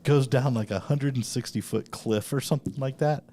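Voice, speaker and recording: A man chats casually as podcast host, spinning news stories with a lot of swearing. His voice sits in an ordinary middle pitch, recorded live from a store. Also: a little fast, mellow, a little hiss or hum. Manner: profane storytelling of news items. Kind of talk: casual chat.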